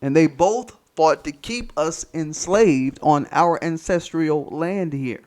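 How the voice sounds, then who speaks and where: A man's voice: fairly high pitch, slow, a little mellow. An American man hosting a commentary channel, delivering a political monologue in an emphatic, profane, repetitive and preachy way. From United States.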